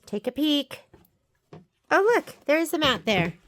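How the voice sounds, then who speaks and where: Her high voice swings widely in pitch and has a fairly bright tone, and she takes things slowly. As a sewing and embroidery instructor, she leads a casual craft tutorial step by step, chatting straight to viewers while she works on a sewing project. Faint machine noise sits behind her in the sewing room of a sewing shop.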